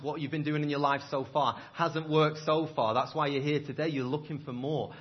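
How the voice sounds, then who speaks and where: A man preaching a sermon in a church, impassioned, swinging from loud to hushed delivery. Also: medium pitch, highs cut off. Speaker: pastor.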